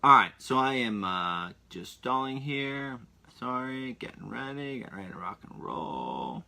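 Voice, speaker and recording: A man's voice: mid-range voice, sing-song, measured pace, gravelly, bright, forceful tone. A man hosting his own podcast, rambling in a casual solo chat full of asides and restarts. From Pennsylvania. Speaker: podcast host.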